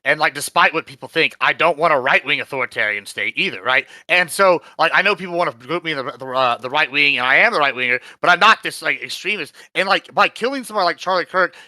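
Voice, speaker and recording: Bright-voiced man, halting. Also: a little high, lively intonation, no room sound, rough recording. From Texas. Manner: halting, many restarts and fillers. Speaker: panel guest. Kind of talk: casual panel discussion. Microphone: online voice call.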